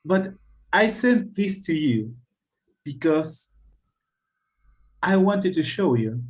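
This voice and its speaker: A man with a Spanish accent teaching an English class over a video call, talking haltingly with many fillers and frequent checks of "right?". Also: a little high, very animated, poor audio.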